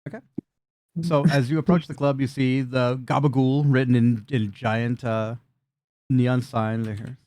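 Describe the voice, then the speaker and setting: A man's voice: medium pitch, steady tone, a little mellow, no room sound. A man narrating as dungeon master, describing scenes in a loose, chatty way over a video call. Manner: loose, chatty narration with quick voiced asides.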